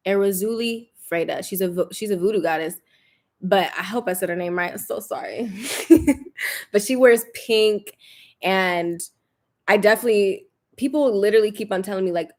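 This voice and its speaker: A young woman in casual livestream chat, candid and animated, laughing often and swearing casually. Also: medium pitch, normal speed. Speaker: spiritual lifestyle creator.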